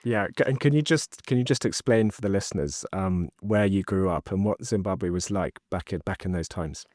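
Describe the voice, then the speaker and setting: A man hosting a podcast, asking measured, slightly halting interview questions. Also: sits low, a little mellow, no room sound, studio quality. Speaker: podcast host.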